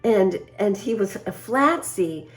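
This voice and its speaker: A woman's voice: medium pitch, animated, takes it slowly. Laughing woman telling a personal story. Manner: laughs often between lines, acts out quotes; confiding, speaks straight to viewers. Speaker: vlogger.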